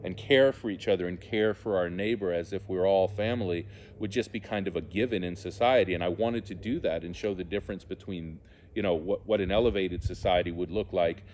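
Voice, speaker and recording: A man shares a personal spiritual testimony in a fairly low voice. He speaks earnestly and from the heart, often stopping to search for the right words. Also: a little fast, a little mellow, a little hiss or hum. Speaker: theologian and musician.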